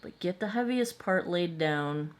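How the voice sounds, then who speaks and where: A woman's voice: lowish voice, lively intonation, measured pace. A woman hosting a makeup tutorial, talking casually through each step and checking in with viewers. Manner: chatty, explains and checks in with viewers.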